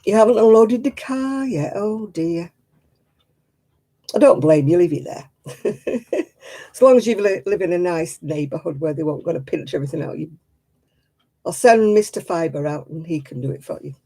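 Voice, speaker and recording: A woman's voice: lowish voice, lively intonation, moderate pace, long pauses, warm tone. A woman hosting a crafting live stream, chatting casually with viewers in a self-mocking way and laughing often. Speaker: craft livestream host.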